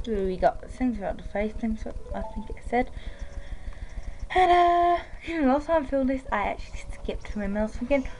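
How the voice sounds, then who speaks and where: Young woman gamer rambling on, lots of likes and ums, voice a bit high, goes whiny when stuff goes wrong. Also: animated, moderate pace, a little mellow, a little hiss or hum, poor audio. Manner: rambling and chatty, full of "like" and "um". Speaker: let's play gamer. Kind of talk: casual game commentary.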